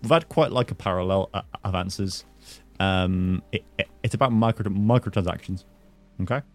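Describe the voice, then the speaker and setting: A young man hosts a casual podcast conversation. His voice sits on the low side, and he keeps things playful, ribbing his guest in a jokey way. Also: moderate pace, faint music behind. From English Midlands, near Birmingham. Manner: teasing, jokey, laughs often. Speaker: podcast host.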